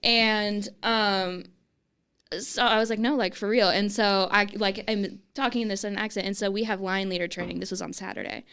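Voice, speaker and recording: Smooth-voiced young Midwestern woman. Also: mid-range voice, normal speed. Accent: Midwestern American. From St. Louis, Missouri. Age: young adult. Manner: giggly, rambling, animated. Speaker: guest, student. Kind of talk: casual storytelling.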